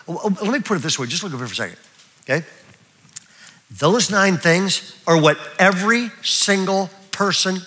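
An older man preaching in a church, his voice pitched high for a man and ringing bright and forceful. He talks to the crowd in a loose, conversational way, often stopping to check that they are with him. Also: moderate pace. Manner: lively, chatty preaching with frequent check-ins. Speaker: pastor. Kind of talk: live sermon. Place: church auditorium.

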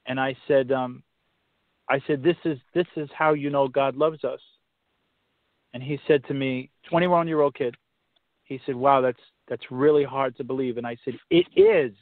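A man on a podcast telling a faith story casually, halting and restarting, turning preachy when he quotes scripture. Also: mid-range voice, fairly even intonation, no echo. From Massachusetts. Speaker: podcast guest. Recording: tinny phone-line sound, dry.

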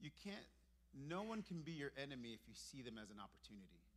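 A man from Brooklyn, New York, in his thirties, preaching a sermon in a church and swinging between hushed, intimate moments and emphatic ones. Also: medium pitch, big pitch swings, quick pace. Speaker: pastor. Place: church sanctuary.

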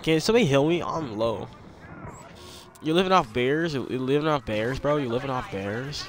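A young man casually commenting on his own gameplay, excitable and slangy, repeating lines and yelping when he gets attacked. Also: mid-range voice, normal speed, slight background noise. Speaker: gamer.

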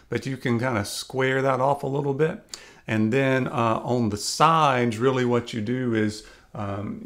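A man hosting his own beard channel, talking casually and chattily with lots of fillers as he gives beard advice. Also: medium pitch. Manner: relaxed and chatty, frequent "uh" and "kinda". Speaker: YouTube beard channel host. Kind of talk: casual video commentary.

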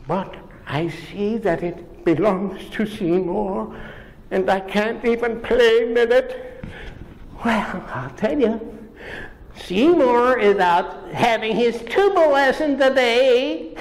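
Male storyteller, playful children's tale, drawn-out pacing, reverberant hall. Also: high voice. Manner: lively, playful, sound effects. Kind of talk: animated children's story narration.

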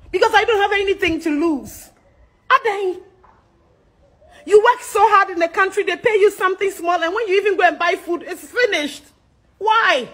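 Very high-voiced, fiery Ghanaian woman. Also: poor audio. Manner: loud, fiery, cursing. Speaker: social media commentator. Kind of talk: angry political rant.

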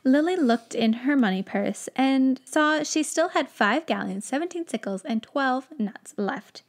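A woman's voice: sits high, expressive, unhurried, hardly any pauses. A young woman hosting a podcast, chatting and laughing between reading a story aloud. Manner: chatty, laughs often, uses "like" a lot. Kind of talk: casual chat and story reading.

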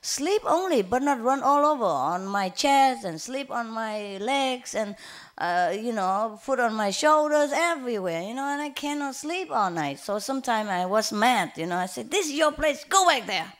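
With a voice on the high side and lively intonation at normal speed, a woman who teaches spirituality speaks informally. She chats and rambles, sharing personal anecdotes, laughing often, and filling her speech with fillers and false starts.

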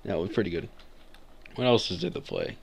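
A man giving relaxed gameplay commentary, often mumbling to himself. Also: low voice, brisk, gravelly, slight background noise. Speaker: gamer.

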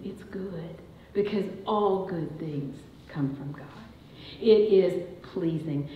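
A woman's voice: mid-range voice, a little hiss or hum. A woman preaching a sermon in a church, telling a family story and building to emphatic declarations. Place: church sanctuary. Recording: dull, echoey church recording.

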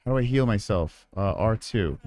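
A livestreaming gamer with a fairly low voice talks at a moderate pace, giving live commentary as he plays. He's excitable, curses often, and yelps and laughs at whatever happens on screen.

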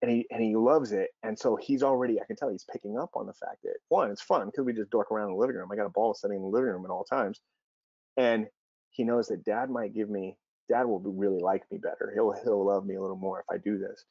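Earnest male speaker, storytelling presenter, gravelly voice, dull dry lo-fi recording. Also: lowish voice, fairly even intonation, fast talker, mellow, no room sound. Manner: earnest, storytelling, acts out quoted dialogue. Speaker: speaker on youth sports and child development. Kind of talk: presentation with personal stories.

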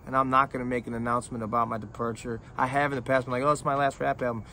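A man's voice: mid-range voice, steady tone, sharp tone, a little hiss or hum. Emotional, profane man talking to fans. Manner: emotional, profane, halting with many restarts. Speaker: independent rapper talking to fans. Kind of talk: heartfelt, rambling direct-to-camera talk.

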